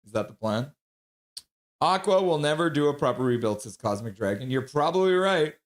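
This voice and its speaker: A man hosts a live hockey stream, reading out viewers' messages in casual chat and laughing often. His voice is on the high side and expressive, at a moderate pace.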